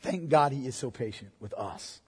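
A male pastor preaching a sermon, swinging from hushed, low passages to loud, emphatic ones. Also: expressive, moderate pace, breathy edge, in a large hall.

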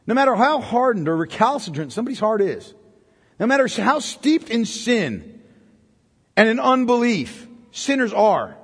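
A man preaching an expository sermon, emphatic, with rhetorical questions that build to forceful peaks. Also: extremely high pitch, slightly rough, in a large hall.

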